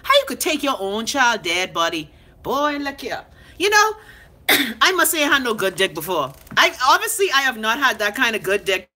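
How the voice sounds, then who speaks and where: Her voice runs on the high side at normal speed. This Bahamian woman in her thirties hosts a live chat, reading comments and responding with a casual, blunt, swear-laden rant, animatedly talking back to viewers.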